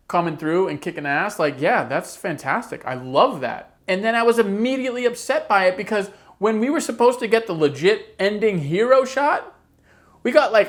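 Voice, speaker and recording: A woman rants with exasperated energy, her pitch leaping up and down as she pokes fun at what annoys her. Her delivery is casual and sarcastic, with lots of asides. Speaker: horror channel host. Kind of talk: casual opinion rant.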